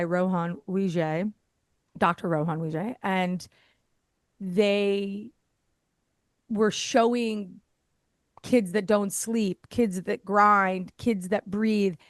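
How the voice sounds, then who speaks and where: A slow-speaking woman of medium pitch, recorded dry, guests on a podcast as an airway therapist. Her storytelling is casual and lively, punctuated by laughter and acted-out quotes from other people.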